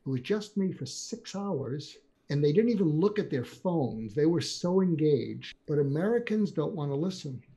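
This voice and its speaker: An older man, a psychiatrist guest in a conversational interview, telling animated stories and acting out quoted dialogue. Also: fairly high pitch, normal speed.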